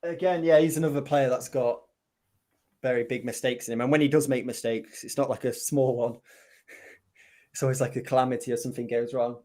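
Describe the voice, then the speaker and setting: A man's voice: mid-range voice, steady tone, a little fast, dark tone. A man in casual football chat, musing over betting picks with hesitant restarts.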